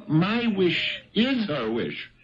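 An actor playing an eager, hesitant poor Irish husband who stammers and pleads in a 1970s radio drama. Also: male voice, high voice, very animated, drawn-out words, a bit bright, a little hiss or hum, full character voice. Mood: pleading. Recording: dull lo-fi 1970s radio broadcast.

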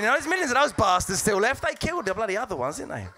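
A man's voice: racing, creaky. A man doing stand-up, switching into put-on voices. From England. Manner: animated, jumps into high put-on voices. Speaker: stand-up comedian. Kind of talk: stand-up set. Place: comedy club stage. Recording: noisy live club recording.

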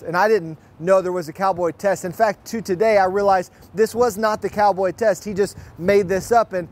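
Lively pastor with a high voice. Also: male voice. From Fort Worth, Texas. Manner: lively storyteller, acts out quotes. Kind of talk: sermon with personal storytelling. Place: online church service.

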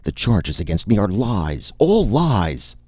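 A man's voice: on the low side, very animated, slow pace, a little mellow, dry recording, pitched above the performer's own voice, heavily acted. A man voicing a frantic young male needlesmith who protests shrilly, in an audiobook. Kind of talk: audiobook character voice. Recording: dull, dry audiobook recording.

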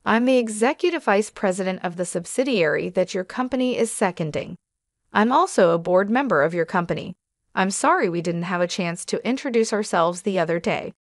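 A woman's voice: mid-range voice, brisk, dry recording, clean studio sound, close to an everyday voice. A woman voicing a dignified gray-haired older executive who speaks formally and firmly. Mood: stern. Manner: calm, formal, firm.

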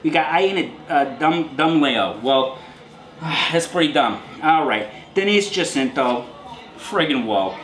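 A man's voice: a little high, lively intonation, slow pace, fairly bright tone, echoey room, low-quality recording. A man hosting a show, reading names aloud in a casual comedic roll call and riffing crude jokes on each one. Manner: jokey, riffs on names, crude asides. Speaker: show host reading out donors.

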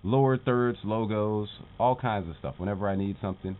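A man's voice: on the low side, fairly quick, slight background noise. A man hosting a show, giving a casual motivational talk to his viewers, calling them "team" and asking "right?" as he talks. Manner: animated, calls his audience "team", keeps asking "right?". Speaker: show host. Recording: tinny phone-like lo-fi sound.

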